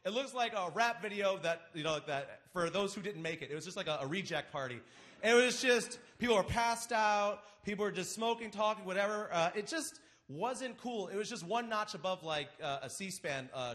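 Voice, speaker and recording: A man in his thirties telling a comedic personal story live on a theater stage into a microphone, acting out the voices of his friends. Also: high voice. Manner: animated, acts out friends' voices. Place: large theater stage before an audience.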